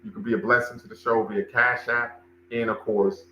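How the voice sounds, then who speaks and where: A man's voice: fairly low pitch, little pitch movement, normal speed, bright, forceful tone, reverberant, dull audio, slight background noise. A man hosting a livestream, commenting and talking with his chat, emphatic and repeating phrases for stress. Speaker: livestream show host and cultural center director.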